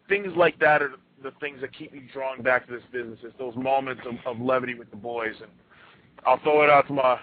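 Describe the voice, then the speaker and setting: A male radio host telling a story on a roundtable and handing the talk to his guests, animated and prone to doubled-up restarts. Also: mid-range voice. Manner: animated, repeats words as he restarts. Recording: tinny phone line.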